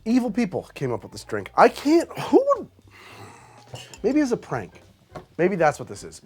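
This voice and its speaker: Male host for a comedic drink-review show, theatrical, very lively pitch, a bit high, faint music under. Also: normal speed, husky. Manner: theatrical, exaggerated disgust, deadpan asides.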